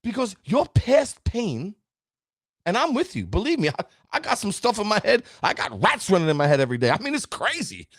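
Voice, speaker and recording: Animated New man giving a pep talk. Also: high voice, fairly quick, breathy edge, no room sound, studio quality. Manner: animated, preachy, talks to the audience directly. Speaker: motivational show host and town councilman. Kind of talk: motivational talk.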